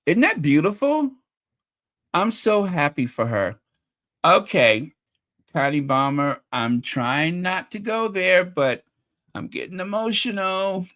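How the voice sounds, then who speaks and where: A man's voice: on the high side, big pitch swings, slow, a bit bright. A man hosting a channel, giving casual reaction commentary in a chatty, openly emotional way, often repeating himself, his voice a little strained. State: voice getting strained. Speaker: channel host reacting to video clips.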